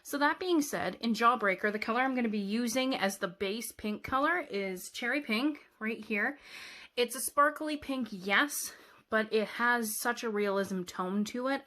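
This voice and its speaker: A woman's voice: fairly high pitch, animated, normal speed, bright, forceful tone. A woman chatting casually through a makeup tutorial, rambling a little and teasing herself. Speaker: makeup vlogger.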